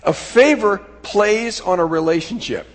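A middle-aged man preaching a sermon in a folksy, animated way, acting out quotes with sudden shouts. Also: sits high, a little slow. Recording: long hall reverb.

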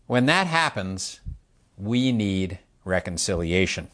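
An older man preaching a sermon, explaining slowly and asking the listeners questions as he illustrates with his hands. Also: deep voice, big pitch swings, a bit bright.

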